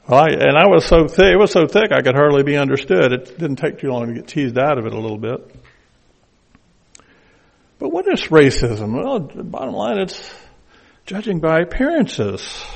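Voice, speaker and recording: A man's voice: a little high, gravelly, breathy edge. An older man with a Southern accent preaching a conversational sermon with folksy asides.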